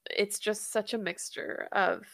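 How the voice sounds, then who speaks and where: A woman co-hosting a podcast in casual conversation, quick to agree and affirm her partner. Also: mid-range voice, steady tone, fairly bright tone, no echo, studio quality. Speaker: podcast co-host.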